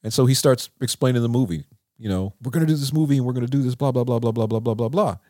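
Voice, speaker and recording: A man telling stories as an interview guest in a recording studio, animated and acting out what people said. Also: very fast, no echo. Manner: animated, acts out quotes with lively pitch. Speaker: songwriter and producer, interview guest. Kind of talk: conversational storytelling.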